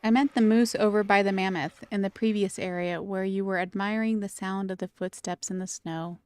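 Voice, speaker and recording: A woman's voice: medium pitch, fairly even intonation, normal speed, darkish tone, clean tone, no echo. A woman streaming a video game, chatting casually and playfully with her viewers and laughing often. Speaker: gaming streamer.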